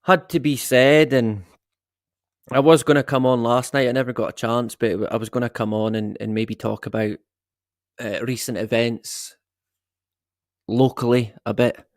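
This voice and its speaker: A man's voice: mid-range voice, fairly even intonation, moderate pace, long pauses, no echo, studio quality. A middle-aged man hosting a casual live stream, rambling and swearing with the odd chuckle. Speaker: livestream host.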